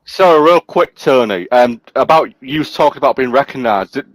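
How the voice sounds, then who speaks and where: A man's voice: medium pitch, expressive, normal speed, no echo. A man telling an anecdote in a casual livestream chat, hesitant and full of fillers. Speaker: livestream co-host.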